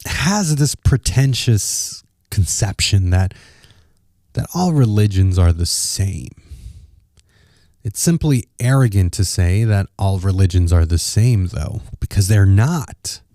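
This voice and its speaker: Slow, low-voiced male podcast host. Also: dark tone, no room sound, studio quality. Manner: conversational, restarts phrases while thinking aloud. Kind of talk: opinion podcast monologue.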